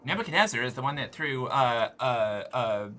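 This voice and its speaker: A man's voice: mid-range voice, moderate pace. A man streaming a game live, rambling and swearing as he plays and chats. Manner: animated, rambling and profane. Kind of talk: live gameplay streaming chat.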